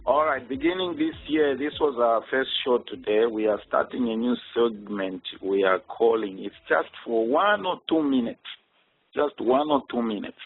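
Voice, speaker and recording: Husky Zambian man hosting on a tinny line. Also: mid-range voice, expressive, normal speed, no room sound, soft background music. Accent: Zambian, with a Texas tinge. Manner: courteous, formal, says "sir" often. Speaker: radio show host. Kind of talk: casual radio talk.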